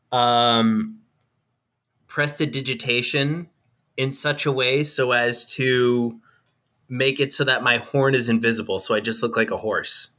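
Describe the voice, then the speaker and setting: A man speaks as a player in a tabletop game, his mid-pitched voice clearly bright. He is laid-back and casual, stopping now and then on an um.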